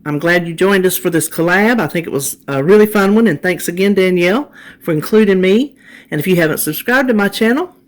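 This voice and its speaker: A woman's voice: lowish voice, expressive, a little fast. A woman hosting her own cooking channel, chatting viewers through each step of a recipe in her home kitchen. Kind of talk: casual cook-along demonstration.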